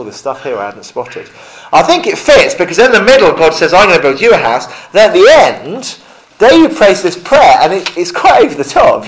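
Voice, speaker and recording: A man's voice: on the high side, rough recording. Chatty man teaching the Bible. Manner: chatty, self-correcting, animated in places.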